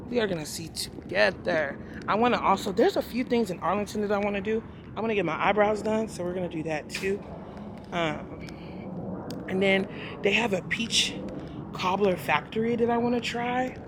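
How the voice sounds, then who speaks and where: Chatty woman vlogger rambling on, average pitch, bit of background noise. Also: moderate pace. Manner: chatty, rambling, repeats herself. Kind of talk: casual vlog chat.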